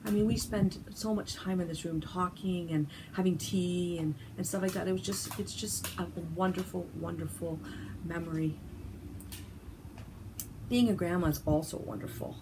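A woman's voice: lowish voice, steady tone, noisy background. An older woman and grandmother giving a heartfelt devotional talk from her home sunroom, telling stories and stumbling into restarts. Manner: warm storyteller, halting with restarts.

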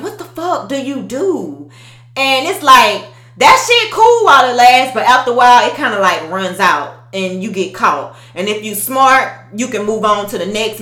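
A woman's voice: fairly high pitch, a bit bright. A woman, ranting bluntly and profanely in a casual opinion monologue. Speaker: social media commentator. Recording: echoey room.

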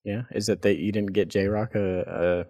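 A man's voice: on the low side, fairly even intonation, measured pace, mellow. A man co-hosting a podcast, telling a rambling, profane story in casual chat and laughing as he goes. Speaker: podcast co-host.

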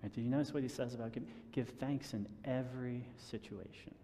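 A man's voice: medium pitch, brisk, mellow, a little hiss or hum. Chatty man preaching in a reverberant hall. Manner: conversational, self-deprecating with chuckles and repeated restarts. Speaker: pastor. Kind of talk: sermon.

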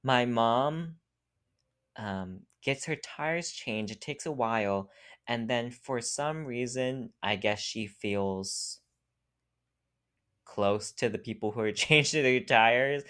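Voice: mid-range voice, a bit bright. A young adult podcast co-host telling a casual story in a rambling way, with lots of "like" and frequent laughter.

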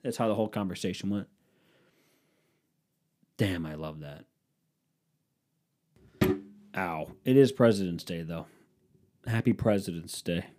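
A man's voice: low-pitched, moderate pace, pauses often, warm tone. A man from the Cleveland area riffing in a casual, profane, sarcastic monologue. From Cleveland, Ohio area.

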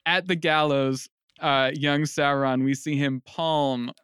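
Young man spinning a comedy movie pitch, higher voice, smooth and dry, acts out bits. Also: slow, no room sound. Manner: animated storytelling, acts out quotes. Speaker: podcast co-host.

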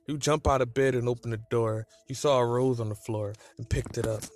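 A man's voice: medium pitch, fairly even intonation, brisk, few pauses, darkish tone. Man reading a story aloud. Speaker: reader. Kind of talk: reading fan fiction aloud.

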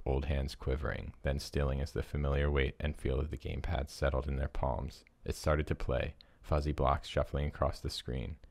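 A very deep-voiced man with a gravelly, creaky tone reads a story aloud for a podcast, chuckling now and then. In casual chat he fills his talk with "like". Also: dry recording. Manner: laughs while reading, lots of fillers in chat. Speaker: podcast co-host.

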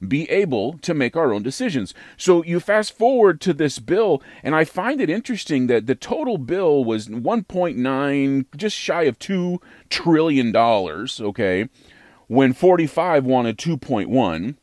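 Man, American, podcast host, opinionated monologue, emphatic, repeats himself for effect, animated pitch. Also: measured pace, dry recording, studio quality. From United States.

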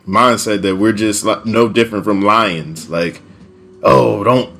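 A man's voice: lowish voice, normal speed, pushed and bright. A young man in casual conversation, earnest and emphatic, with slangy asides.

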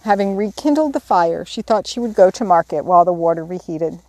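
A woman reading a classic novel aloud as an audiobook narrator, in a steady, measured storytelling voice. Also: lowish voice, no room sound. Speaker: audiobook reader. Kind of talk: scripted narration.

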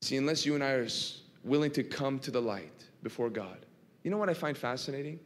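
A man preaching a sermon in a church, swinging from hushed to impassioned and asking the congregation rhetorical questions. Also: medium pitch, animated, brisk. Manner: dramatic, swinging from quiet to impassioned. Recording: long reverb of a large hall.

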